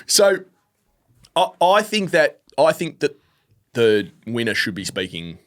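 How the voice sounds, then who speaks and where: A man with an Australian accent co-hosting a sports podcast in casual chat, opinionated and quick to laugh. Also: fairly high pitch, sing-song. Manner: opinionated, laughs easily, restarts often. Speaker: podcast co-host.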